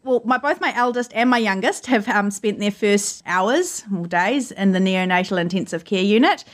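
Interviewed from her home, a New Zealand journalist recounts personal experiences earnestly and with emotion. Her medium-pitched voice has lively intonation and a normal speed.

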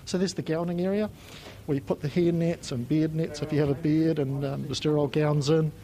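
A New Zealand man with a slightly high, warm voice and fairly even intonation gives a technical explanation on a factory and laboratory tour as a company spokesperson. He speaks fairly quickly but patiently, with frequent ums, and the audio quality is poor.

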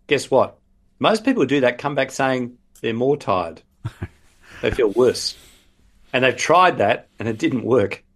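Australian male academic guest, lively explainer, acts out examples in quotes. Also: medium pitch, moderate pace. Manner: animated explaining, quoting imagined patients. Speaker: professor, guest expert. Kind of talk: radio interview.

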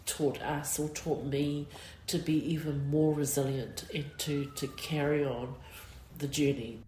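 A middle-aged woman with a New Zealand accent, speaking in an interview with many fillers, emotional and halting. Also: low voice, level tone, dark tone, slight background noise. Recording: roomy echo.

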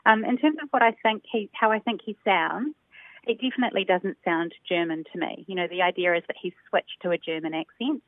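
Calling in from New Zealand, this woman, newly on the line, speaks in a medium pitch as a linguist answering interview questions. Her explanations are thoughtful and measured, dotted with ums, and the phone audio is dry and tinny.

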